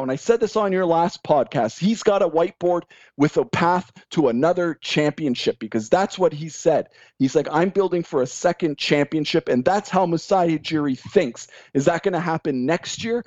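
A man with a notably high voice rants emphatically in casual sports podcast chat, mocking other people's takes. The sound is dry and close, a little dull and lo-fi. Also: lively intonation, normal speed, few pauses, darkish tone, no room sound. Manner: ranting, emphatic, mocks others in quoted voices. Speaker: podcast guest.

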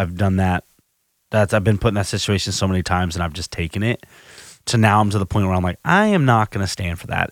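A podcast host with a low-sitting voice shares a personal recovery story, candid and self-reflective, often starting his sentences over. The recording is studio quality with no echo.

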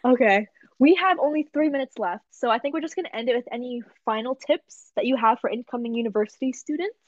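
Quick and fairly high-pitched, a young woman spins casual stories on her podcast without any echo. Expect lots of laughter, plenty of "like" fillers and an animated delivery, recorded through a dull, dry lo-fi microphone.

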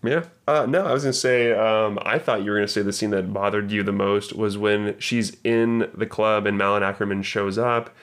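A man's voice: on the low side, steady tone, normal speed, few pauses, a bit bright. A man co-hosting a casual movie podcast, playfully teasing and retelling scenes in detail. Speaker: podcast co-host.

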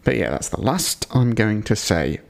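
A man's voice: lowish voice, very animated, moderate pace, creaky. A man hosting a podcast, giving a digressive episode review with dry, wry asides. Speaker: podcast host.

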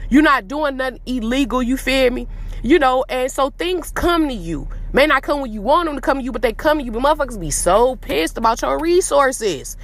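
A woman's voice: high voice, expressive, a little fast. A woman podcast host, delivering a blunt, profane, preachy monologue and repeating phrases for emphasis. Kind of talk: casual monologue.

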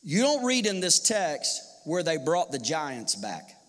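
A male pastor preaching a sermon in an animated style, firing off rhetorical questions and acting out quotes. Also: fairly high pitch, unhurried. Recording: long hall reverb.

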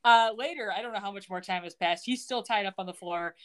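A woman co-hosting a podcast, retelling a TV episode in casual, animated storytelling. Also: medium pitch, fast, clean tone. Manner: animated storytelling, acting out characters' lines. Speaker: podcast co-host.

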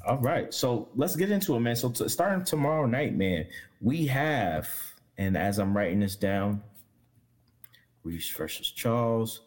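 A man's voice: medium pitch, lively intonation, a little slow. A man hosting a casual sports chat, rambling with fillers and restarts and laughing often. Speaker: podcast host.

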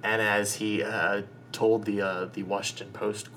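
A man's voice: fairly low pitch, flat delivery, unhurried, sharp tone, slight background noise, low-quality recording. A man co-hosting a sports podcast, talking casually and rambling, often restarting his sentences. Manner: rambling, lots of fillers and restarts. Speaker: podcast co-host.

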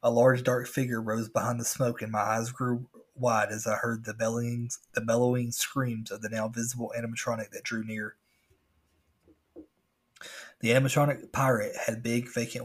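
A man's voice: medium pitch, little pitch movement, moderate pace, slightly rough. A man reading a scary story aloud as a podcast host, with casual asides.

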